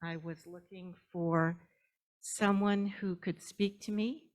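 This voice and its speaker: An older woman giving an unhurried, earnest testimony at a church service, with a gentle joke now and then. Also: on the low side, steady tone. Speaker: church newcomer. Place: church sanctuary.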